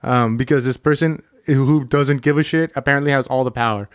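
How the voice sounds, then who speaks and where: A young man hosting a casual chat, rambling, swearing and acting out customers in quick asides. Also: medium pitch, steady tone, clear, resonant tone, dry recording, clean studio sound. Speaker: podcast host.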